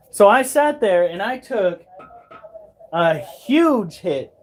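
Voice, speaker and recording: A man casually telling a pet vlog audience an animated story and swearing freely as he goes. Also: high voice, normal speed. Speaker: pet keeper and vlogger.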